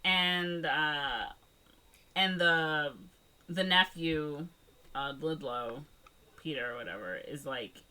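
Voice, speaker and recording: A woman co-hosts a podcast and retells a movie plot in a loose, rambling chat full of "like" and "um". Her voice sits fairly low, but it has a bright, forceful edge. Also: takes it slowly, pauses often. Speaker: podcast co-host. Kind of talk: casual movie recap chat.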